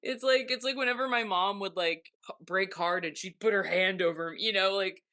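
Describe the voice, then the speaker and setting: A bright-voiced woman hosts a podcast in easy, casual chat. She talks loosely, full of "like" and little acted-out quotes, at a middle pitch. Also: brisk. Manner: chatty, full of "like" and quoted asides. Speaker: podcast host.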